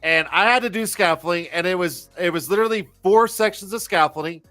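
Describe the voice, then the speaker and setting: Profane, rambling forties host. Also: male voice, high voice, fairly quick, pushed and bright, soft background music. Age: 40s. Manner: profane, rambling, self-mocking. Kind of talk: casual live-stream chat.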